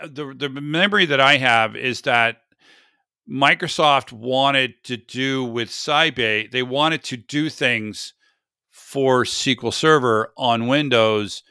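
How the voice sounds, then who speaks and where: Podcast host, man, gravelly and bright, rambling conversational delivery. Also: medium pitch, a little slow, no room sound, clean studio sound. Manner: rambling, self-correcting, chatty. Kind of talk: casual tech podcast chat.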